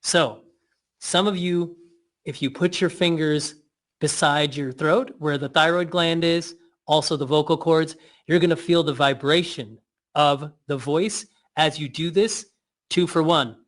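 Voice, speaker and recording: A man leading a guided breathing and mouth exercise, giving slow cues with playful asides. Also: on the high side, a bit bright.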